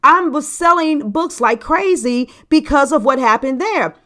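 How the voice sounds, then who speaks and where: A woman's voice: high voice, lively intonation, a little slow, fairly bright tone. Emphatic chatty woman podcaster. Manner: emphatic, chatty, talks straight to listeners. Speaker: podcast host and sales coach. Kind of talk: casual podcast monologue.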